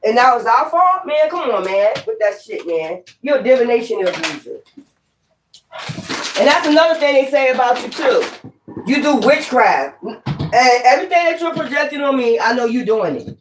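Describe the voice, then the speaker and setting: A woman's voice: fairly high pitch, very animated, moderate pace, background noise. Blunt, profane woman reading tarot. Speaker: tarot reader.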